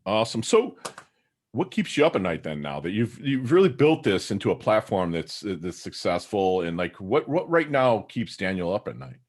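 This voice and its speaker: Male interview host, low register with animated pitch, supportive of the guest. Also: moderate pace. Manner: encouraging, brief affirmations. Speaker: podcast host. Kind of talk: podcast interview.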